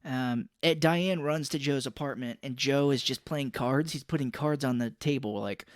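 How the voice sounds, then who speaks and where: A man's voice: mid-range voice, moderate pace, no room sound, clean studio sound. A man co-hosting a casual movie podcast, animatedly recounting scenes. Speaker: podcast co-host.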